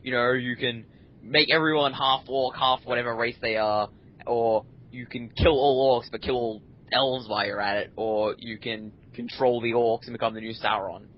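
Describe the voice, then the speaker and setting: A man in casual gaming chat, rambling through animated complaints with restarts. His pitch sits in the middle range. The recording is dull and lo-fi. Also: normal speed, a little hiss or hum. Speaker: podcast co-host.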